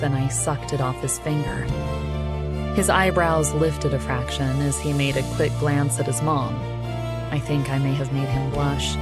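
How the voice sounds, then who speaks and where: A woman narrating a first-person romance audiobook in an intimate, even storytelling manner. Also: sits low.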